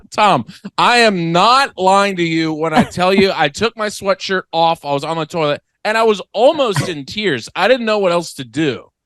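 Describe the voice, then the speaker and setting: A man's voice: high-pitched, measured pace, dry recording. A young man co-hosting a comedy podcast, telling exaggerated stories in casual chat. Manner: animated, exaggerated storytelling. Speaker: podcast co-host.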